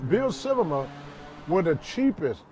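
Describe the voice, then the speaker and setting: High-voiced older man telling animated stories. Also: a little slow, slight background noise. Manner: animated storyteller, voice jumps up at punchlines. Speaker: interview guest, former wrestler. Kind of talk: casual storytelling interview. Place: studio.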